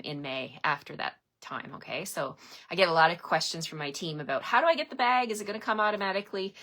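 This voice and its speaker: Brief: giddy middle-aged Canadian woman hosting a home livestream, bright and lowish voice. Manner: bubbly and giddy, laughs often, greets viewers by name. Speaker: stamping demonstrator hosting a livestream. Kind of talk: casual livestream chat. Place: at home, indoors. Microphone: webcam or phone camera.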